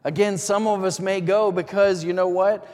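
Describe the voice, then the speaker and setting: A man's voice: sits high, steady tone, normal speed, darkish tone. A man preaching a sermon as a pastor, talking in a conversational way, asking many questions with light chuckles. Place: church sanctuary. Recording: long reverb of a large hall.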